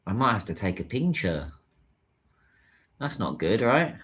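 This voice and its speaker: A man's voice: on the low side, very animated, measured pace, a bit bright. A man chatting casually on a livestream while he waits in a taxi queue, musing aloud and answering viewers' comments. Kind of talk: casual live-stream chat.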